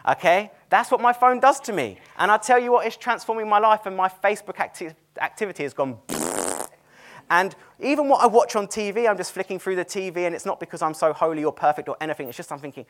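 A man preaching a sermon in a chatty, animated way, telling stories and laughing at them. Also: high-pitched, brisk. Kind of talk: sermon with storytelling. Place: cinema used as a church venue.

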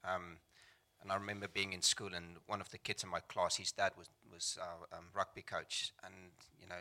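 Deep-voiced man giving a hesitant testimony. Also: level tone, moderate pace, bright, forceful tone. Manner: hesitant, with many fillers, plain and sincere. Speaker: church member giving testimony. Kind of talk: personal testimony. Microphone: microphone.

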